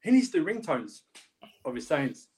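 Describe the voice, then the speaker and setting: A man's voice: on the high side, sing-song, moderate pace, a little mellow, breathy edge. A young man co-hosting a casual football chat, laid-back and riffing jokes. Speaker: co-host. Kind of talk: casual football podcast banter.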